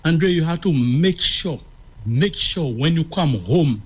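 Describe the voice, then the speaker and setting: A man's voice: a little high, expressive, slow pace, darkish tone, slightly rough, dull audio. A man calling a radio show, giving advice in an insistent, repetitive way. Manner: repetitive, insistent, keeps saying the host's name. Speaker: caller.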